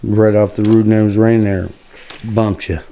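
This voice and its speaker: A man vlogging casually about farm chores outdoors, easygoing and relaxed. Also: fairly low pitch, unhurried, slight background noise. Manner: easygoing, calls ducks with quacks. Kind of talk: casual chat while doing farm chores.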